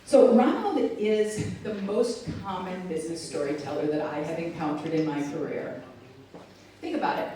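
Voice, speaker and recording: Animated woman speaking in an echoey hall. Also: fairly high pitch. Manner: animated, playful, chats with the audience. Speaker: keynote speaker. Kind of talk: live keynote speech. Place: large hall with an audience. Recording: echoey hall, mic far off.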